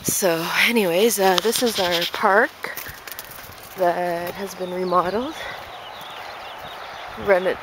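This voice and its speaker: Out of breath woman rambling on a walk, lowish voice, noisy outdoor camera mic. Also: fairly even intonation, slow pace, long pauses. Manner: rambling, chatty, many fillers. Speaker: vlogger walking her dog. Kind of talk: casual walk-and-talk vlog. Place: outdoors in a neighborhood park. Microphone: handheld camera while walking. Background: outdoor noise.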